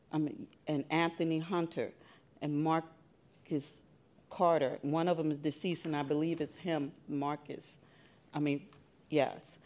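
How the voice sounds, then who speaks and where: A grieving mother speaking at a podium during public comment at a city commission meeting, emotional and halting, often soft. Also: sits low. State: emotional, holding back tears.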